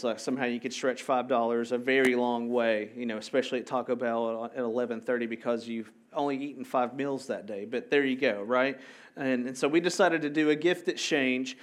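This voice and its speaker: A man delivers a sermon in a relaxed, talkative way, pitched a little higher than most men. He often turns to the congregation with quick questions and asides. His delivery is animated and informal. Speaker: pastor. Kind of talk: conversational sermon.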